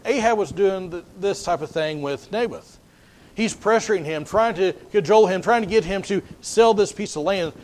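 A man with a notably high voice preaches a sermon, retelling the story as if chatting with his listeners. His delivery is folksy and loose, and he often restarts his phrases mid-thought. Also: moderate pace, a little mellow.

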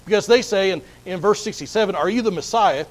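A man's voice: high-pitched, fast talker, poor audio. A man preaching a sermon, explaining a Bible passage earnestly and often repeating words as he restarts. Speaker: pastor.

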